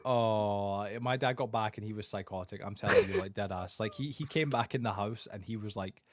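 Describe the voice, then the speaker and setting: Fast-talking young man, swearing. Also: fairly low pitch. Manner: swears constantly, animated storytelling. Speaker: podcast co-host. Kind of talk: casual chat.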